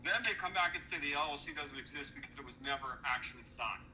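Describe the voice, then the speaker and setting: He talks fast in a high, pushed, bright voice, captured on poor audio with a bit of hiss or hum. The podcast guest tells an indignant story of a business dispute, full of swearing, acting out every quoted line.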